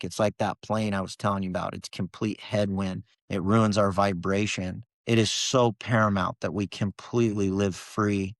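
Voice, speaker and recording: Man, podcast guest, lower voice, earnest storytelling, dry close mic. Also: no room sound. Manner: earnest, emotional storytelling with many restarts.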